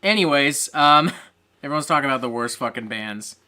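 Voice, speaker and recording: A foul-mouthed streamer hosting a casual live game stream, reading chat aloud between excitable rants. The voice swoops all over its range. It has a bright, forceful edge. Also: mid-range voice, normal speed. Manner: reads viewer chat aloud. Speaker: streamer host.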